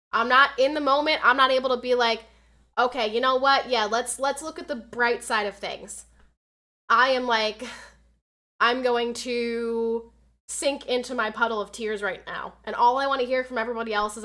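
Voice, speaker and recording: Telling a story over casual chat, this young woman streamer speaks in a fairly high voice. She's lively and profane, belting out the quotes she acts out.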